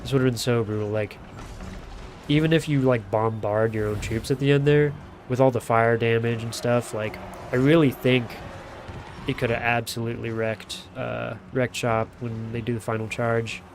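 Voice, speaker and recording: A man's voice: mid-range voice, steady tone, moderate pace. A man giving casual, rambling live commentary on a strategy video game, with lots of fillers and self-corrections. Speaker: game caster. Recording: audible background noise.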